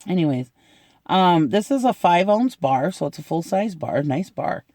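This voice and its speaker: A man's voice: high-pitched, big pitch swings, normal speed, darkish tone, no room sound, studio quality. A middle-aged man chatting casually in an unboxing video, gushing and laughing often as he talks. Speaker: unboxing vlogger.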